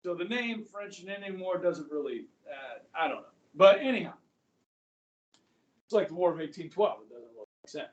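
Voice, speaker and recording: A man's voice: sits high, lively intonation, moderate pace, far from the mic, lo-fi sound. A middle-aged male history teacher lecturing a class in a chatty way, often checking in with his students. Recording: echoey classroom, voice from afar.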